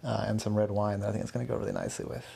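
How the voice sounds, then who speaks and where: A man's voice: on the low side, little pitch movement, rapid-fire, vocal fry, mellow, slightly rough, heavily acted. A man voicing an anxious young man who keeps apologizing and restarting his sentences. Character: nervous anxious young man moving house.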